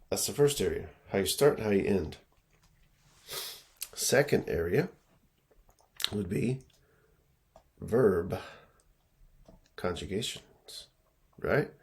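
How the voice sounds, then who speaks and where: A man working as an education consultant, giving a casual teaching talk to schools and checking in often with "okay?" and "right?". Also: low voice. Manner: relaxed, repeats himself, lots of fillers and "okay?" checks.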